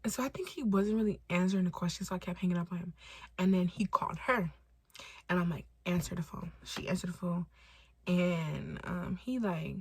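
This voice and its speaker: A young woman from Los Angeles telling a storytime vlog in casual, animated style, swearing freely and acting out quotes. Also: fairly low pitch, fairly quick, breathy edge, dry recording. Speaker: storytime vlogger.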